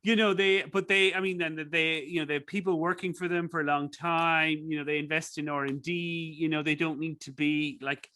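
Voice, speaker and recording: A man's voice: on the high side, fairly even intonation, fairly quick, few pauses, pushed and bright. A man with an Irish accent, a guest in a casual interview, rambling through stories with many fillers and restarts. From Ireland. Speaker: guest, business professor.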